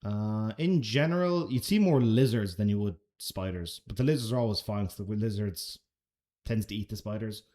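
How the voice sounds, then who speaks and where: A man's voice: on the low side, moderate pace, dark tone. An Irish man answering chat questions on a casual live stream, laid-back and chatty, swearing now and then. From Ireland.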